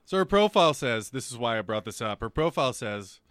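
A Canadian man co-hosting a casual podcast, animated and swearing, a little tipsy. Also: medium pitch, fairly quick, no echo, clean studio sound. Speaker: podcast co-host. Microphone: studio mic.

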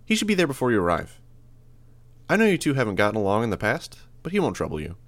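A man voicing a sharp, knowing young woman who asks brisk, probing questions. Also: mid-range voice, huge pitch swings, no echo, pitched above the performer's own voice.

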